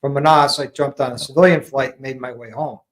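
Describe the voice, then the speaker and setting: An American veteran who once served as a maintenance platoon sergeant tells war stories in a casual, animated way, acting out the quotes. His mid-range voice moves briskly, and the recording is rough.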